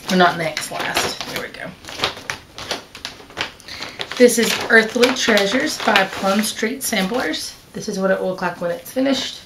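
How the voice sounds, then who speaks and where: Over heavy background noise, a woman with a mid-range voice speaks a little slowly, with long pauses, in a casual vlog about her stitching. She has hiccups and rambles chattily, filling in with fillers and often correcting and restarting her sentences.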